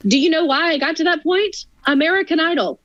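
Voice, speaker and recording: A woman's voice: very high voice, fairly quick, a bit bright, no echo, dull audio. A young woman in her twenties chatting as a podcast guest, laughing often and making self-deprecating asides. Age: 20s. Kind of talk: casual chat.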